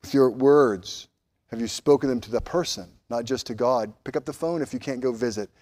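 Guy pastor preaching, mid pitch, gets loud and worked up then drops way soft. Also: a little fast. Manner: animated, rising loud on emphasis, dropping soft and low. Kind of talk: sermon.

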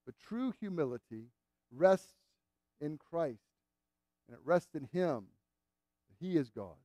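High-voiced earnest male preacher. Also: animated, takes it slowly, pauses often, dark tone, no room sound, clean studio sound. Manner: earnest, emphatic, repeats phrases for stress. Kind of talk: sermon.

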